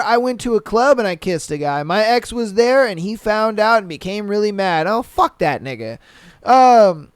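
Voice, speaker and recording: A young man hosting a podcast, reading listener stories aloud and reacting with animated, profane commentary. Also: sits high, clean tone, no room sound, clean studio sound. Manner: animated, swears a lot, mocks with put-on quotes. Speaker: podcast host.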